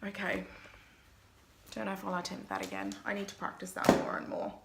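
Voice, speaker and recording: A woman's voice: medium pitch, sing-song, brisk, gravelly, very noisy. A young woman, a makeup artist, chatting to viewers through a makeup tutorial vlog in a self-mocking way.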